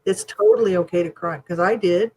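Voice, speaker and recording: A woman co-hosting a podcast, telling stories in a casual chat, openly emotional and animated, acting out what others said. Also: lowish voice, brisk, low-quality recording. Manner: emotional, animated storytelling with quoted voices. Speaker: podcast co-host.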